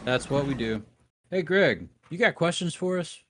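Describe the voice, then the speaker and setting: A playful man co-hosting a laid-back podcast, full of laughter and teasing. His pitch jumps around a lot as he talks. A faint room hum sits under his voice. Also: expressive, normal speed, fairly bright tone. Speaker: podcast co-host. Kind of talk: casual chat.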